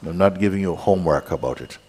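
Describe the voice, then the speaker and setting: A man giving a calm, unhurried satsang teaching as a spiritual teacher, pausing often and speaking softly. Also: sits low, breathy edge. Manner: calm, unhurried, with pauses and soft asides. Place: large meeting hall. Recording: hall with long reverb.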